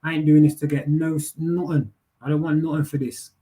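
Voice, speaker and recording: A man's voice: fairly high pitch, little pitch movement, brisk, mellow. A young man, hosting a live panel and ranting bluntly with heavy swearing, street slang and repeated words. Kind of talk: casual rant.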